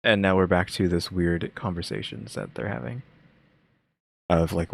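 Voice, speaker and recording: A man's voice: sits low, moderate pace, vocal fry, slightly rough, no echo. A young man hosting a reaction video, talking casually and musing aloud with lots of fillers. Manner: rambling, musing, many fillers.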